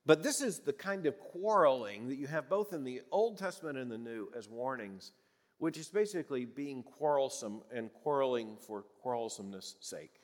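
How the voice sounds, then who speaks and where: A man's voice: mid-range voice, animated, normal speed, long reverb tail. A man in his sixties from the American South, preaching a sermon in a conversational, folksy way with chuckles and restarts. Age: 60s. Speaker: pastor.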